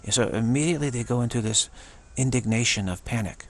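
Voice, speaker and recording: A man's voice: mid-range voice, quick pace. A man giving an unscripted spiritual monologue, earnest, repeating his phrases and slipping into imagined exchanges. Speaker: spiritual commentator.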